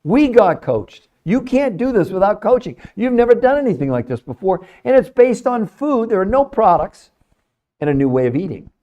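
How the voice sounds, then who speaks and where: Speaking to his chat in a pushy, salesy manner, a middle-aged man who researches nutrition hosts a live stream and hammers his points through repetition. His high, warm voice has a sing-song lilt at normal speed, and the sound is lo-fi.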